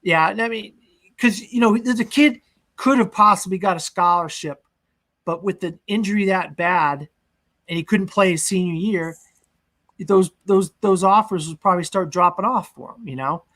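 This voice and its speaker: A slightly high-voiced young man talks loosely through a film's plot on a podcast. He rambles with fillers and throws in the odd shouted quote. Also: moderate pace. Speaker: podcast co-host. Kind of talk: casual movie discussion.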